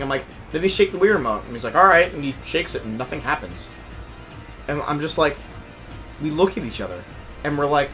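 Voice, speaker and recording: A young man telling a story in casual chat, animated and profane, swinging from low mutters to loud outbursts. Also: a little fast, faint music behind. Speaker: podcast host.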